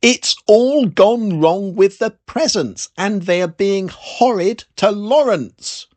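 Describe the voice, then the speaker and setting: A storyteller voicing a sensible, indignant female Christmas elf in a storybook reading, with a husky, high, urgent delivery. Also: huge pitch swings, unhurried, full character voice.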